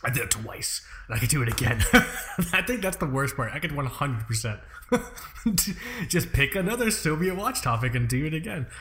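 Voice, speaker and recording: A man in his thirties hosting a podcast in a casual, rambling chat, full of swearing and quick asides. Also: on the high side, big pitch swings, a bit bright, slight background noise. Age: 30s. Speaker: podcast host.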